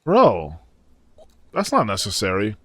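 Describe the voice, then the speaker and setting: A man hosting a casual anime reaction, excitable and slangy, exclaiming at the screen. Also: on the low side, slow pace. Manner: slangy, says dude and bro a lot. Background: anime audio playing faintly.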